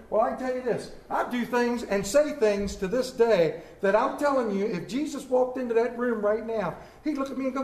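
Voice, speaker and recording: A man preaching a sermon as pastor, impassioned and swinging from loud to hushed. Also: very high-pitched, lively intonation, a little fast, hardly any pauses. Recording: echoey church room.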